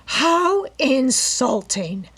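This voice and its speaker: A woman's voice: mid-range voice, very animated, a little slow, voice pushed up. A woman voicing a haughty, domineering middle-aged society woman with an imperious, indignant manner in a storybook reading. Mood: affronted.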